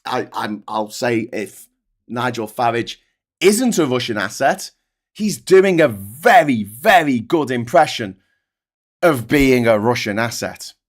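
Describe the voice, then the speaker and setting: A man's voice: mid-range voice, lively intonation, slow. A man hosting a political livestream, ranting angrily and sarcastically with plenty of swearing.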